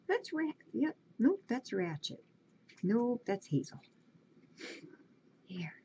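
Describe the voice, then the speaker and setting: A woman talking to her pets in a soft, cooing, baby-talk manner. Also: fairly high pitch, very animated, slow, long pauses. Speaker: pet owner talking to her animals. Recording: dull lo-fi home recording with clear background noise.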